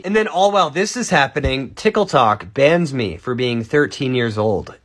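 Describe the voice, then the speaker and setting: A man's voice: mid-range voice, animated, normal speed, hardly any pauses. Sarcastic young man ranting jokingly. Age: 20s. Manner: sarcastic, rambling, jumps between loud outbursts and mutters. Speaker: comedy creator. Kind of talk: casual comedic monologue.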